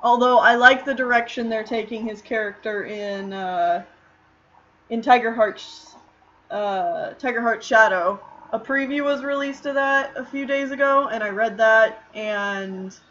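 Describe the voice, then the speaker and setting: A woman's voice: a little high, measured pace, a bit bright, muffled recording. A woman streamer chatting casually while drawing, answering questions in a rambling way with lots of fillers.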